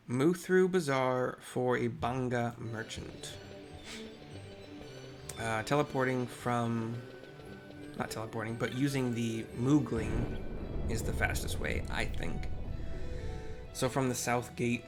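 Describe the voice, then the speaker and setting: A man's voice: mid-range voice, slow pace, pauses often. A man giving casual, rambling commentary on a game he is playing, full of fillers. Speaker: game streamer. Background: game music.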